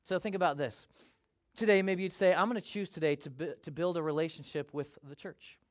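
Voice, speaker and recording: High-voiced preaching pastor, man. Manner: conversational preaching, acts out quoted voices. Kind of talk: sermon.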